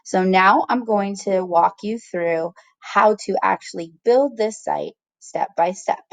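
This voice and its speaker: A woman's voice: mid-range voice, slow, no echo. A woman teacher giving a patient, step-by-step screen-recorded tutorial, checking in with her students as she goes.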